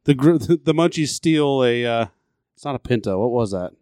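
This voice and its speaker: A man's voice: medium pitch, expressive, moderate pace, darkish tone, smooth, no room sound, clean studio sound. A man co-hosting a podcast, adding scene details and searching for words as he chats. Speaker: podcast co-host. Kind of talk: casual movie review chat.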